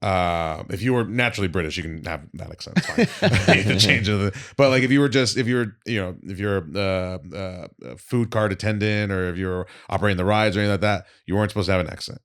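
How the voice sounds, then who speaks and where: Deep-voiced young guy, comedian guest, rambling animated storyteller, swears casually. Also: quick pace, few pauses. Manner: animated storytelling, many fillers and restarts, swearing. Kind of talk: casual podcast chat.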